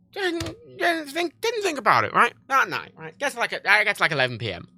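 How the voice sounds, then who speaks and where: Lively bright-voiced man rambling casually. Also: high-pitched, fairly quick. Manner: rambling, profane, self-interrupting. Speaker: livestreamer.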